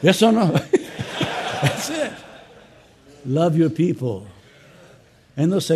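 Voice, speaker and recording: A male pastor preaching a conference sermon to fellow pastors, swinging between loud urging and soft earnest asides, with joking conversational remarks. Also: on the high side, big pitch swings, slow, pauses often.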